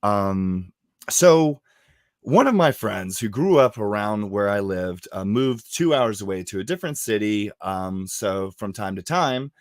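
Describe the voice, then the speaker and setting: A man in his thirties hosting a podcast, telling stories in casual, profane chat with lively quoted voices. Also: fairly low pitch, a little slow, dry recording, clean studio sound. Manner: profane, storytelling, animated quoting. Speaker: podcast host.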